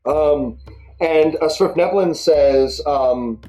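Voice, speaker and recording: Woman game master, lowish mellow voice, relaxed and hesitant narration, faint music. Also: unhurried, rough recording.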